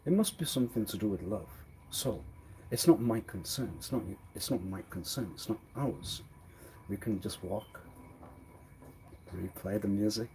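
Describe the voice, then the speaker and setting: A man on a live stream rambling in a disjointed monologue, arguing back and forth with himself and repeating words, swinging from quiet mutters to loud exclamations. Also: on the low side, normal speed, long pauses, a little hiss or hum. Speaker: livestreamer.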